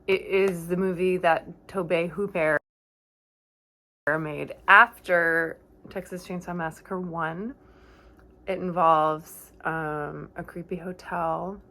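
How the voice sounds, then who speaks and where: A woman's voice: lowish voice, takes it slowly, a bit bright. A woman casually recapping a horror movie from memory, rambling and correcting herself with chatty asides.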